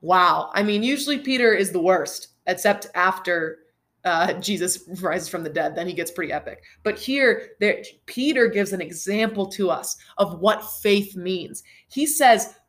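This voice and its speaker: A woman's voice: on the low side, lively intonation, unhurried, fairly bright tone. A woman giving a casual, chatty bible teaching with playful asides and frequent filler words.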